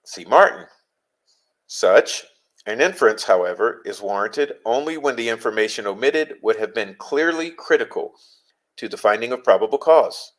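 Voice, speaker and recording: Male legal commentator, fairly low voice, reads case law slowly and leans on the key phrases. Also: animated, poor audio. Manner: deliberate, stresses key phrases. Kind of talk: reading and explaining legal texts.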